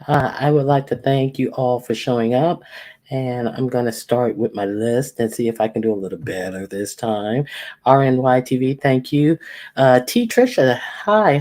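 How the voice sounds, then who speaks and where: A woman's voice: extremely low pitch, a little mellow. A woman hosting a casual livestream, reading out viewers' names one by one and teasing them playfully. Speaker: livestream host. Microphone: computer or phone mic with echo.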